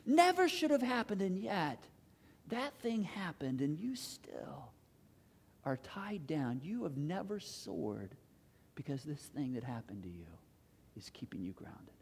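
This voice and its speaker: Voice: mid-range voice, very animated, measured pace, slight background noise. Impassioned preacher in a reverberant hall. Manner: impassioned, swings between loud pleading and hushed intensity; repetitive rhetorical questions. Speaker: pastor. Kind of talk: sermon.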